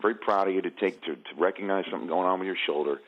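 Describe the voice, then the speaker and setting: A man's voice: deep voice, racing, muffled recording. A man joking around as a radio show guest, rambling with many restarts. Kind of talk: casual radio chat.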